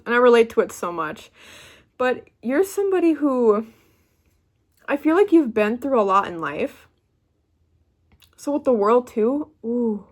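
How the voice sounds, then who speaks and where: Excitable woman giving a tarot reading. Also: on the high side, unhurried, long pauses. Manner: excitable, gushing, often breaks off mid-word. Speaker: tarot reader. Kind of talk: pick-a-card tarot reading.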